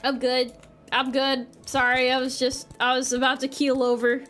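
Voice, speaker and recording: A young woman with a bright, high voice chats loosely as she plays a game on stream, teasing herself and answering chat. Her American speech is quick to joke, and faint music runs behind her. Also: monotone. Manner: playful, self-mocking, reads chat messages aloud. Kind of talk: casual live-stream chat while gaming.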